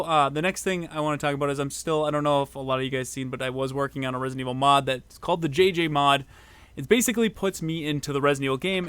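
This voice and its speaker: A man talks on a casual podcast in a smooth, clean voice. He rambles with lots of fillers and gets excited now and then. The mic is close and dry, with no room sound. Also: on the high side, no room sound. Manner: loose, filler-heavy, excitable. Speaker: podcast co-host, mod maker.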